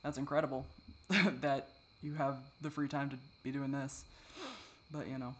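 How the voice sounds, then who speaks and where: A man talking in a confessional vlog, halting and repetitive, swearing often, and shifting between distress and soft, wry self-deprecation. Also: medium pitch, flat delivery, lo-fi sound, a little hiss or hum. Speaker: vlogger.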